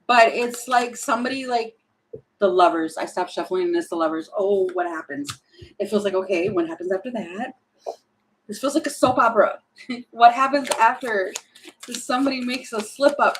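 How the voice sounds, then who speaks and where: A woman doing a casual tarot reading, thinking aloud and animated, with many fillers and restarts. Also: a little high, normal speed, poor audio. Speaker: tarot reader.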